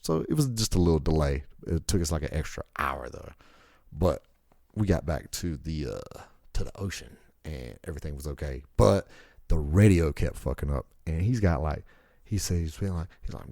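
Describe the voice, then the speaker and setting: A man's voice: extremely low pitch, expressive, normal speed, gravelly, warm tone, no echo, studio quality. A man hosting a podcast, telling rambling, profane stories in a laid-back, casual way. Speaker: podcast host.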